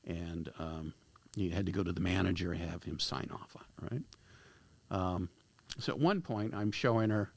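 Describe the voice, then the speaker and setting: Gravelly man telling a story. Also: sits low, measured pace, hardly any pauses, dry recording. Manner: animated, acts out dialogue with lively shifts. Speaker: guest, screenwriter and director. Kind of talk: casual anecdotal storytelling. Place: podcast studio.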